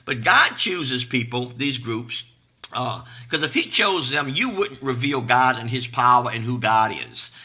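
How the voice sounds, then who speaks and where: A man's voice: mid-range voice, animated, unhurried, pushed and bright, husky. A man pastor preaching a casual live-streamed sermon, folksy and unpolished, greeting viewers by name. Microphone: live stream to a camera.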